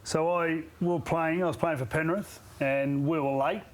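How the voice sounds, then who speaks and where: A man's voice: a little high, steady tone, normal speed. A man with an Australian accent, co-hosting a sports show and telling rambling stories with chuckles. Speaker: co-host. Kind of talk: casual storytelling.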